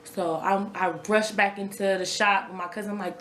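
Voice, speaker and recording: A woman's voice: mid-range voice, flat delivery, moderate pace, fairly bright tone, reverberant. A young woman recounting a personal story to her viewers in a casual, conversational way, often repeating herself. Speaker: vlogger telling her own story. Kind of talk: raw personal storytelling to camera.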